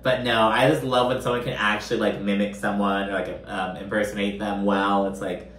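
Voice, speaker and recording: A man's voice: fairly low pitch, flat delivery, fairly quick, fairly bright tone, reverberant, slight background noise. A man giving a casual, gossipy recap of a reality show, swearing freely and using lots of fillers. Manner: chatty, profane, gossipy with frequent fillers.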